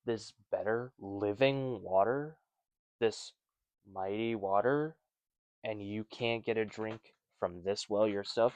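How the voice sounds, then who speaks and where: A man's voice: on the low side, slow pace, a little mellow, clear, resonant tone, dry recording, highs cut off. A man hosting a casual Bible study, reading passages and commenting with wry, rambling asides.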